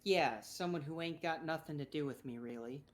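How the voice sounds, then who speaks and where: A woman's voice: deep voice, moderate pace, close to an everyday voice. A woman voicing a frightened but defiant mother, pleading and then turning curt. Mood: desperate.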